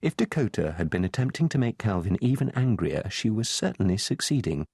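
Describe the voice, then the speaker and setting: A man reads a novel aloud as an audiobook narrator, in a measured, even delivery. His voice sits on the low side. The studio sound is close and dry, with no room in it. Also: gravelly, breathy edge, no room sound.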